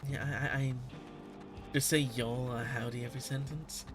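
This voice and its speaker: A man's voice: medium pitch, steady tone, normal speed, music in the background. A man streaming a game, chatting casually with viewers, laughing often and swearing lightly. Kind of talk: casual live-stream chat.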